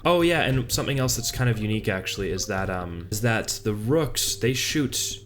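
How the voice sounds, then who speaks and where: Brief: young male game dev, lowish voice, loose and self-mocking, frequent cursing. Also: expressive, moderate pace, soft background music. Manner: laid-back, rambling, swears and laughs at own old work. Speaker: indie game developer. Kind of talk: casual commentary over gameplay.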